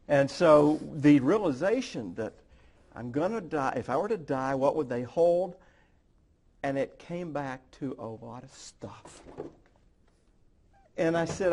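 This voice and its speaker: A middle-aged man, a guest on a television interview, tells a heartfelt personal story, halting now and then with restarts and fillers. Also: mid-range voice, lively intonation, darkish tone. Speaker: guest, author and speaker. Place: television studio.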